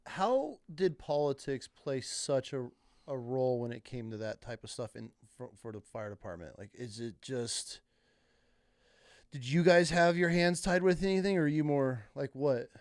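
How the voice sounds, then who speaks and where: A man's voice: medium pitch, expressive, normal speed, darkish tone, no echo, studio quality. A man hosting a podcast, interviewing his guest with short, blunt follow-up questions. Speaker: podcast host.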